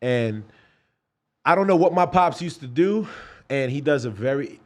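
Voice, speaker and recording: A man's voice: fairly high pitch, expressive, moderate pace. A man in his thirties from New York, a guest in a casual podcast chat, telling stories animatedly and acting out voices. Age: 30s. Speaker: guest, pro fighter.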